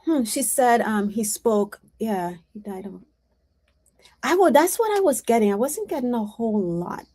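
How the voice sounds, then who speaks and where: A woman's voice: fairly high pitch, big pitch swings, normal speed, mellow. A woman psychic reader giving a casual mediumship reading, rambling and chatty with many restarts.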